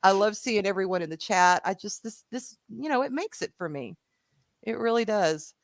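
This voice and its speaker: A woman with a Southern US accent co-hosting a live show in casual, animated chat, swearing freely. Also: mid-range voice, moderate pace, no echo.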